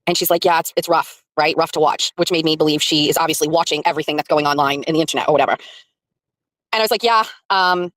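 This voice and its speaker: A woman's voice: sits low, quick pace, fairly bright tone, no echo, poor audio. A woman streamer casually recounting a story to her viewers, acting out both sides of the conversation and laughing often. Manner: chatty, retells by acting out quotes, laughs often. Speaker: streamer covering a court trial.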